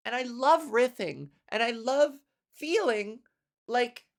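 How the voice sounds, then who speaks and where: A woman comedian hosting her own podcast, ranting casually with sarcasm, profanity and quick laughs. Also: on the high side, animated, gravelly. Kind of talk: casual solo podcast rant.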